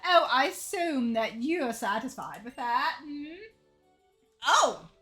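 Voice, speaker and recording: A theatrical, pompous rich man, put on by a woman gushes in high, drawn-out exclamations. The voice is bright and keen, with soft music faint behind it. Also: very animated, full character voice. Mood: haughty.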